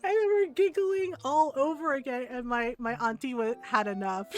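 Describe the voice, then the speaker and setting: Over background music, a woman streamer shares personal stories in casual chat. Her voice is high and her pace moderate, and she chats away, often ending sentences with "right?".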